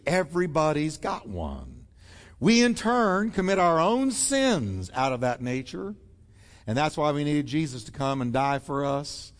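A man's voice: on the high side, big-room sound. A man preaching a sermon as pastor, emphatic and acting out the voices he quotes.

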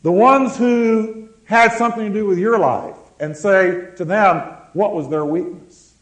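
A man preaching a sermon, calling on the congregation to answer and slowing down to stress words. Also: high voice, roomy sound, poor audio. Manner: preaching with call-and-response, slowing words for emphasis. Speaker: pastor.

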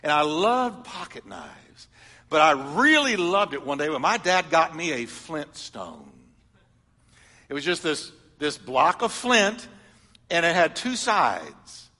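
Middle-aged male pastor, sermon storyteller; bright, slightly high voice, ringing hall reverb. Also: big pitch swings, slow pace. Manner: storytelling preacher, swings from loud emphatic lines to soft confiding ones.

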